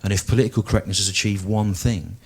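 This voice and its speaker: Dry, deliberate stand-up comedian, forties. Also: male voice, on the low side, flat delivery, slightly rough. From English Midlands. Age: 40s.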